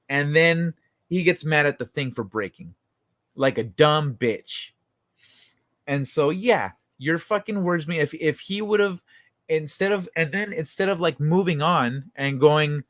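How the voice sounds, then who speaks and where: A man's voice: on the high side, unhurried, a bit bright, no echo. A man hosting a casual livestream chat, talking in a rambling, profane way with frequent restarts. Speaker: livestream talk show host.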